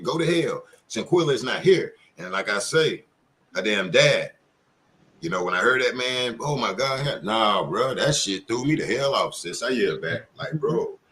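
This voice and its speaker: A man's voice: medium pitch, fairly bright tone. Blunt, profane male panel host. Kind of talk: heated casual panel talk.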